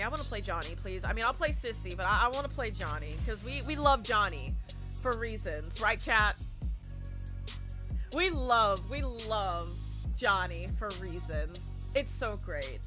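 A woman live-streaming a horror game, talking to her chat with loud, excitable, dramatic reactions. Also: mid-range voice. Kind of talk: live gameplay commentary with chat.

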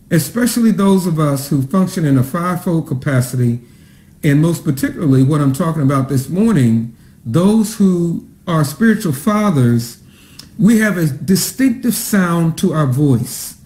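Male pastor, high-pitched, preaches with drawn-out emphasis in a roomy space. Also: lively intonation, warm tone. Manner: greets online viewers by name. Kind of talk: sermon. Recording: echoey room sound.

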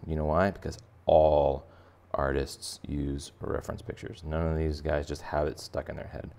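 A man's voice: very deep voice, little pitch movement, moderate pace, gravelly, mellow. A man teaching a drawing lesson for kids in a playful, jokey, conversational way. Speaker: art teacher.

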